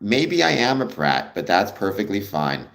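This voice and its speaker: A man's voice: lowish voice, big pitch swings, moderate pace, gravelly, a bit bright. A Canadian man hosting a livestream, chatting casually with viewers in a friendly, rambling way with many ums. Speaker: livestream host.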